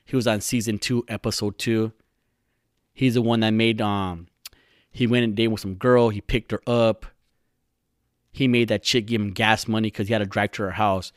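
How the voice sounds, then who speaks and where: This young male podcast host delivers a foul-mouthed solo rant, rambling as he mocks people. He speaks at normal speed in a lowish voice with fairly even intonation, recorded dry and close with no echo.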